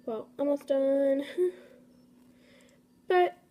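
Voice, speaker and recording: A woman's voice: sits high, fairly even intonation, slow, pauses often, warm tone. A young woman hosting a casual craft tutorial, chatty and apologetic, talking to her materials as she works. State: a bit out of breath. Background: faint storm noise.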